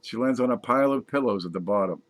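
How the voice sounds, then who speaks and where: A man's voice: mid-range voice, fast, no room sound. A man casually reading jokes aloud, laughing at his own punchlines and adding wry asides. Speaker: comedy joke reader.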